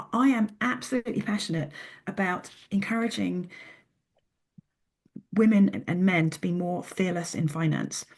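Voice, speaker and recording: Husky woman telling a story. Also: lowish voice. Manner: animated storyteller, many restarts. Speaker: podcast guest. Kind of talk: casual interview talk.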